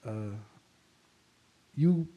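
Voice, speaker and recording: A man hosting a podcast, talking in a relaxed, rambling way with plenty of fillers. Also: mid-range voice, extremely slow, phone-quality sound. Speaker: podcast host. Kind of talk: casual chat.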